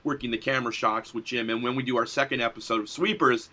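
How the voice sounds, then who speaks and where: A man's voice: medium pitch, fast. A middle-aged man talking eagerly and animatedly as a guest in a casual interview about his film and design work. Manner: enthusiastic and animated, laughs easily. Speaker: guest, filmmaker and graphic designer.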